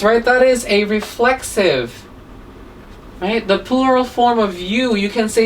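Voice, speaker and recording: Woman teaching grammar, checking in constantly. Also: medium pitch. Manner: explains step by step, tags nearly every point with "right?" or "okay?". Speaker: English teacher. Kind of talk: grammar lesson. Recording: voice a little distant from the mic, faint room hum.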